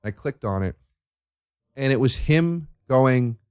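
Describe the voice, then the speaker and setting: A man's voice: mid-range voice, animated, slow pace, a little mellow, clear, resonant tone, dry recording. Male comic on a sweary rant, sarcastic, rhetorical-question heavy, mid-range voice, dry close mic. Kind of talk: profane comedic rant.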